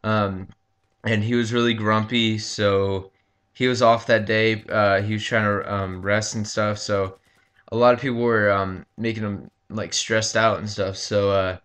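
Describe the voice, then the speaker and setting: A man casually telling a rambling story over gameplay, halting often with ums and likes and swearing freely. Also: fairly low pitch, little pitch movement, a bit bright, clean tone. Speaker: gaming commentator.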